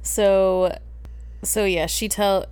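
A woman's voice: medium pitch, steady tone, extremely slow, darkish tone, smooth, no echo. A woman co-hosting a casual podcast, recapping a movie plot in a playful, laughing way. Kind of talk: casual chat.

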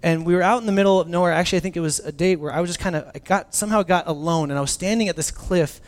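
A man in his thirties preaching a sermon, telling stories with lively restarts. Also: high voice, rapid-fire. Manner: animated storytelling with many restarts. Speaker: pastor.

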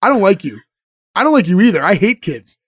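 A man hosting a casual podcast chat, retelling sitcom scenes and acting out the lines in quick quoted voices. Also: high-pitched, big pitch swings, slightly rough, dry recording. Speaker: podcast host recapping a sitcom episode.

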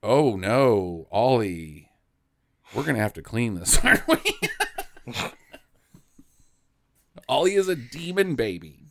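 A man's voice: slow pace, creaky, pauses often, a little hiss or hum. A man co-hosting a comedy podcast, recapping a movie scene by scene and acting out the characters in silly voices. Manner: animated, swings pitch wildly, acts out scenes in silly voices. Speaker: podcast co-host.

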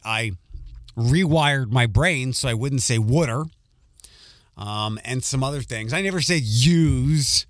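A man's voice: mid-range voice, a bit bright, no echo, studio quality. A male radio host with a light Philadelphia accent, rambling through a casual monologue with plenty of ums and restarts. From Philadelphia area.

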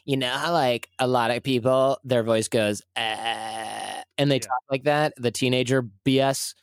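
A man's voice: medium pitch, little pitch movement, normal speed, smooth, no room sound, studio quality. A man from Michigan in his forties, talking as a guest in a casual, rambling and self-deprecating way. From Michigan, USA. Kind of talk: casual conversational storytelling.

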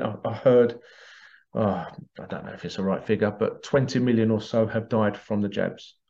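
A man's voice: fairly low pitch, creaky, dark tone. A man hosting a podcast, delivering an agitated monologue full of rhetorical questions. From United Kingdom. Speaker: podcast host. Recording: dull lo-fi recording.

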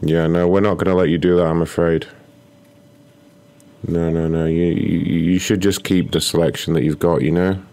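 A man hosting a prank call livestream, mocking and insulting callers in a rude, deadpan way. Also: low voice, normal speed, clean tone. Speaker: prank call show host.

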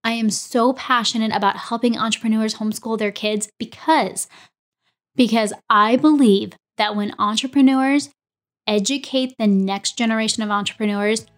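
A woman's voice: on the high side, moderate pace. A woman in her forties, a podcast host, telling a personal story and acting out the dialogue with energy. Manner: animated, acts out quoted dialogue.

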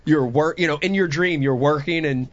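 A man hosting a casual live web show, excitable and quick to laugh. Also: a little high, no echo. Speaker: host. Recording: dull lo-fi sound.

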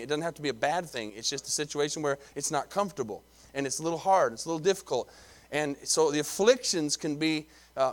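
A middle-aged man, a pastor delivering a sermon in a conversational way, often repeating himself and calling for amens. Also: fairly high pitch.

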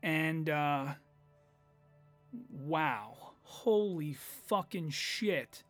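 A man's voice: high voice, lively intonation, measured pace, bright, forceful tone, soft background music. A man hosting a podcast, telling a story in a rambling, profane way with lots of fillers. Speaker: podcast host. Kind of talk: casual solo storytelling.

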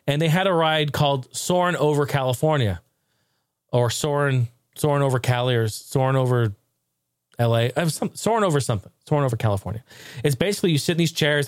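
A man's voice: medium pitch, no room sound, studio quality. A man hosting a casual tech talk show, swearing freely, laughing often and rambling animatedly.

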